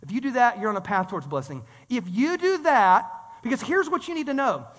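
A man preaching a sermon as pastor, animated and conversational, calling out to the congregation for responses. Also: very high-pitched, fairly quick. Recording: reverberant hall sound.

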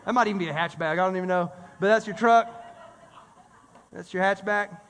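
Male pastor, very high and bright, lively conversational sermon, long hall reverb. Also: fairly quick, slight background noise. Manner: animated, conversational preaching with audience call-and-response.

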